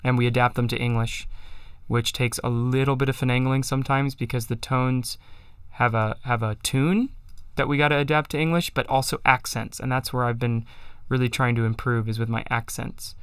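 A man's voice: mid-range voice, fairly even intonation, moderate pace, few pauses, a bit bright, smooth, no room sound, studio quality. A man hosting a livestream, chatting casually and self-deprecatingly about chant and singing psalm tones to show them. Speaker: livestream host. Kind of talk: casual chat with sung chant demos.

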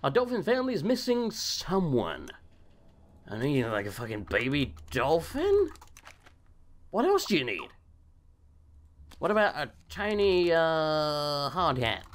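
Sarcastic man with a very lively pitch. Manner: sarcastic, swears freely, talks to game characters. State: recovering from a cold. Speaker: gaming channel host. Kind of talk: casual let's play commentary.

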